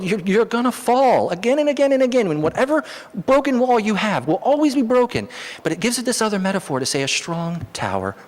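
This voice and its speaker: A man preaching a sermon as pastor, animated, his voice jumping high for emphasis. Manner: animated, rises sharply in pitch for emphasis. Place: church hall. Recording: long hall reverb.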